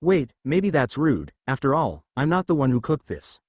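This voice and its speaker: A man's voice: mid-range voice, very animated, normal speed, a little mellow, breathy edge, no echo. A man voicing a lonely but cheerful young boy ninja in a fan fiction reading, sounding eager and whiny by turns.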